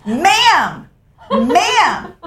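A woman doing a shrill scolding hiker lady. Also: big pitch swings, drawn-out words, fairly bright tone, heavily acted. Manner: insistent, preachy, repeating "ma'am".

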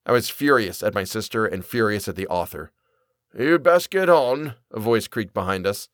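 A man reading a period story aloud as narrator, in an expressive, measured way. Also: fairly low pitch, no room sound, clean studio sound. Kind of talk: audiobook reading.

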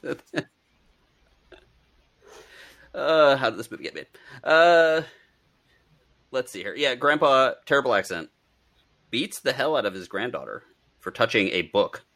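A man's voice: mid-range voice, animated, measured pace, pauses often, a bit bright. A man co-hosting a podcast, chatting casually and rambling about a bad movie, laughing often. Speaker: podcast co-host. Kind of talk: casual movie-review chat.

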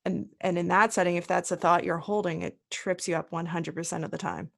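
A woman's voice: lowish voice, steady tone, a little fast, vocal fry. A woman co-hosting a podcast, affirming her guest and adding her own points in casual conversation. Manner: agreeable, affirming.

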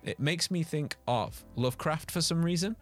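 A man's voice: a little high, lively intonation, moderate pace, soft background music. Enthusiastic rambling male podcast co-host. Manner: enthusiastic, rambling, with frequent restarts. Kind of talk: casual chat.

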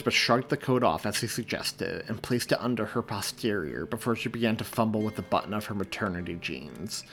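A man reads his own story aloud in a measured, expressive audiobook style. His voice sits fairly low, and faint music plays underneath. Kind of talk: audiobook narration.

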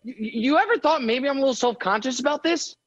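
A young man bantering on a radio call, animated and mock-indignant, with quick comic rants. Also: extremely high pitch, dull audio. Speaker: guest commentator.

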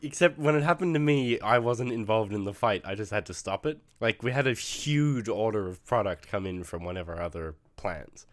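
A man's voice: lowish voice, normal speed, few pauses, no room sound. A young man casually telling a story about his job to a friend, laughing now and then. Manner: laughs while telling, relaxed. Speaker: friend, steel-company worker.

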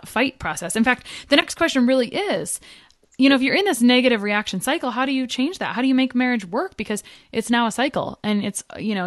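A woman's voice: a little high, dry recording. Encouraging woman host, dry close sound. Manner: warm encouraging listener with brief affirmations. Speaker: podcast host. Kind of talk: conversational podcast interview.

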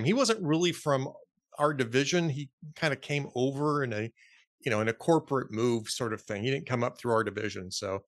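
A man's voice: mid-range voice, a bit bright, dry recording, studio quality. A middle-aged man co-hosting a podcast, telling a story in casual chat and laughing often. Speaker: podcast co-host.

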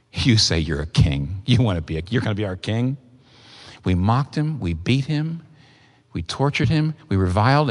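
Emphatic preacher in a reverberant hall. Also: male voice. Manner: earnest, emphatic, with sudden rises in pitch. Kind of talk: sermon.

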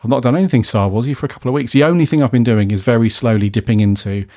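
A man's voice: medium pitch, rapid-fire, dark tone. Chatty, jokey male podcast host. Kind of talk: casual podcast chat.

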